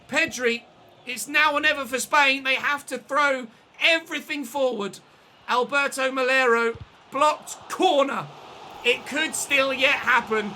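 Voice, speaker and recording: Guy yelling over his football game, voice going hoarse, really high and bright. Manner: shouts and celebrates goals, then chats calmly. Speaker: gaming commentator. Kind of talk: excited live gameplay commentary.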